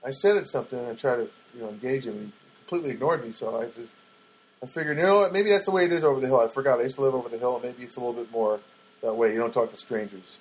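A man with a husky, slightly rough voice tells a rambling everyday story. His delivery is chatty and wry, with loose asides and plenty of fillers. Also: medium pitch, rapid-fire, low-quality recording.

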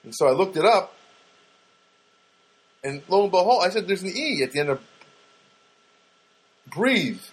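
A man's voice: high-pitched, lively intonation, fairly quick, long pauses, slightly rough, rough recording. A man hosting a podcast, telling a rambling casual story with many fillers and restarts, talking straight to his listeners. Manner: chatty, addresses listeners directly. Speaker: podcast host.

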